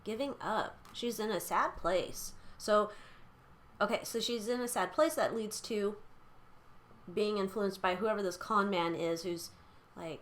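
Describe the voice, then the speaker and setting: A woman's voice: medium pitch, a little slow. Chatty, blunt woman reading tarot. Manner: chatty, blunt, swears freely, lots of fillers. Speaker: tarot reader. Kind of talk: casual chat during a tarot reading.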